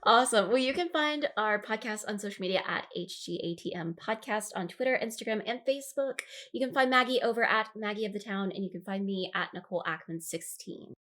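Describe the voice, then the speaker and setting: Woman co-host, casual and upbeat, quick to laugh. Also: medium pitch, a bit bright. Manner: upbeat, laughs often between lines. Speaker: podcast co-host. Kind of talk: casual podcast chat.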